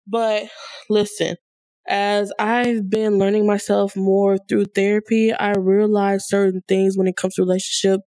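A woman's voice: medium pitch, mellow, no room sound, studio quality. A young woman hosting a podcast in a casual, upbeat and encouraging way, hyping up her listeners. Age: young adult. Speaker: podcast host.

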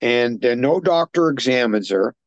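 A man's voice: medium pitch, lively intonation, moderate pace, dry recording, highs cut off. A man co-hosting a podcast, recapping a film's plot in a casual, rambling way with many fillers. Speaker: podcast co-host. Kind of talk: casual film discussion.

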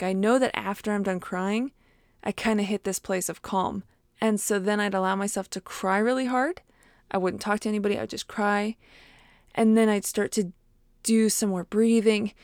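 A young woman talks in a relaxed, conversational way, coaching her listeners through handling emotions. She often acts out her own inner self-talk and leans on fillers like "like" and "you know". Her voice sits at an ordinary pitch, and the recording is dry and close, with little room sound. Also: no echo. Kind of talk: casual podcast monologue.

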